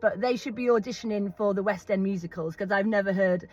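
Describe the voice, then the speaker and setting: A woman's voice: mid-range voice, a little fast, darkish tone, highs cut off. A middle-aged British woman who owns horses, talking straight to camera in a firm, emphatic way that repeats her points. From Britain. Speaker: horse owner. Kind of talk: vlog monologue.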